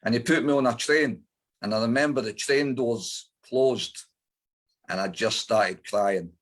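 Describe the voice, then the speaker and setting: A man's voice: medium pitch, measured pace. A middle-aged man with an Edinburgh Scottish accent, a guest in an interview, telling his life story bluntly with lots of swearing and fillers. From Scotland.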